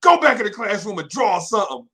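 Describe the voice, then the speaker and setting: A man's voice: high-pitched, very animated, fast, bright, forceful tone, pitched above the performer's own voice, exaggerated voice. A man playing a stern male schoolteacher, curt and scolding, shooing a boy back to class.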